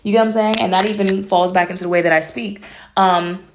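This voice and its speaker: A woman's voice: mid-range voice, steady tone, quick pace, a little hiss or hum. A young woman from Atlanta hosting a casual solo podcast, talking in a blunt, candid, matter-of-fact way. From Atlanta, USA. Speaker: podcast host.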